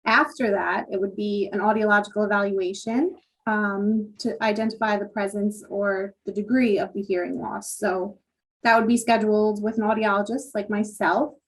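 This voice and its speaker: A woman's voice: mid-range voice, fairly even intonation, moderate pace, slightly rough. A woman audiologist giving a virtual presentation, explaining hearing tests and devices in a plain tone with frequent ums and you knows. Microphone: computer mic on a video call.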